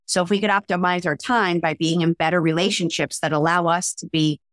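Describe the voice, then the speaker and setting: A mental skills coach chats in a casual interview, animated and acting out the voices of people she quotes. Her voice is fairly low and a little fast. The audio is clean studio sound with no echo.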